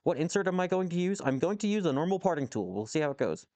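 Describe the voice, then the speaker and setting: A man's voice: on the high side, very animated, fast talker, a little mellow, no echo. A man casually chatting with viewers on a live stream from his workshop, rambling, swearing and reacting to chat. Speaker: livestreamer answering chat while machining. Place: home workshop with a lathe.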